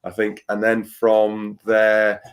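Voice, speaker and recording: A man's voice: lowish voice, completely flat delivery, takes it slowly. Breezy man hosting. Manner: breezy, upbeat, full of fillers. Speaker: host. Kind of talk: casual live show chat.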